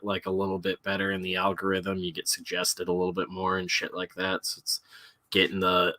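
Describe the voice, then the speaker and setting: A man's voice: low voice, sharp tone. A man co-hosting a casual livestream chat, rambling with many fillers and swearing. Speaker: podcast co-host.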